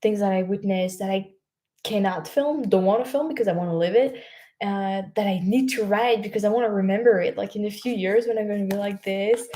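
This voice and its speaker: A young woman from France hosts a casual livestream, reading viewer comments aloud. Her medium-pitched, warm voice runs a little fast, and she's chatty, laughs often, and uses many fillers and restarts.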